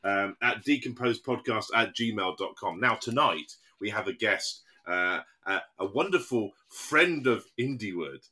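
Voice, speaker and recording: A man's voice: fairly low pitch, expressive, a little slow, few pauses, sharp tone. A man co-hosting a podcast, rambling and self-deprecating in casual chat, laughing at his own fumbles. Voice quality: smooth. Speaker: podcast co-host.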